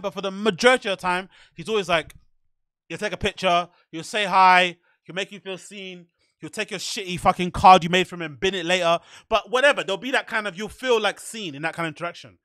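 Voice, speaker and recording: A man hosting a podcast, telling stories in a casual, profane, animated way and laughing often. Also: high voice, no room sound, studio quality. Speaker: podcast host. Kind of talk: casual storytelling monologue.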